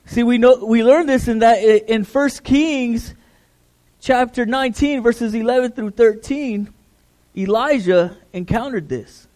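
A man's voice: very high-pitched, measured pace, darkish tone. A middle-aged man, a pastor, preaching a conversational sermon, repeating words as he builds emphasis.

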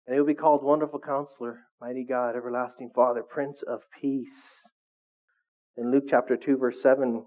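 A middle-aged male pastor preaching a sermon in a conversational way, often asking his listeners questions. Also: medium pitch. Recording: phone-like narrow sound.

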